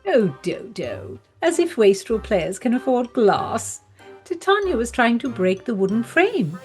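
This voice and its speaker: A woman's voice: fairly high pitch, very animated, a little slow, faint music behind. A woman narrating a scripted audio drama in a haughty manner, with archaic phrasing and French interjections. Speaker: narrator and investigator.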